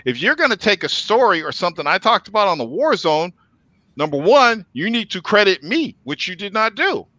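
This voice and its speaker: A man hosts a casual podcast and tells his story with plenty of cursing and animation. His voice sits high and bright. The sound is close and dry, with no room around it. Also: sing-song, a little fast, dry recording, low-quality recording. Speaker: podcast host.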